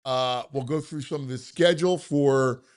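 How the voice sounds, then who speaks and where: A man hosting a casual sports talk show, excitable and stammering, quick to cheer. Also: mid-range voice.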